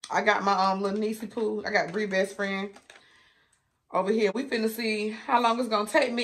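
A woman's voice: medium pitch, normal speed, pauses often. Chatty woman telling a story. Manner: chatty, addresses viewers as y'all, laughs often. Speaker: food vlogger. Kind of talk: casual storytelling to viewers.

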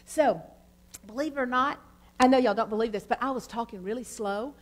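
A middle-aged woman pastor, telling a testimony in a sermon with a lot of fillers and animated storytelling. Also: a little high, a little fast, a little hiss or hum.

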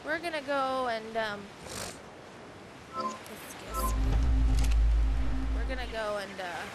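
A woman's voice: fairly high pitch, lively intonation, normal speed. A young woman giving casual, annoyed gameplay commentary, ranting and swearing freely. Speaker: gaming YouTuber. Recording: loud background noise.

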